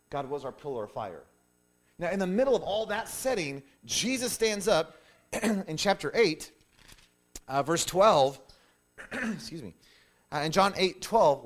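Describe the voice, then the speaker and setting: A middle-aged man preaching a sermon, animated, with frequent restarts and "hey" asides as he explains scripture. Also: on the high side. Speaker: pastor.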